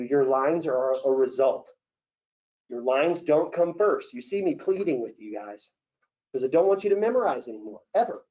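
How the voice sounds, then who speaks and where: A man running an acting Q&A as a casting director, coaching actors in an animated way and acting out example lines. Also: a little high. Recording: dull lo-fi session recording.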